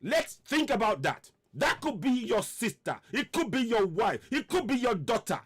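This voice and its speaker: A man's voice: very high voice, sing-song, normal speed, a bit bright, breathy edge. A man hosting an online radio show, speaking out in impassioned commentary and hammering home repeated rhetorical questions.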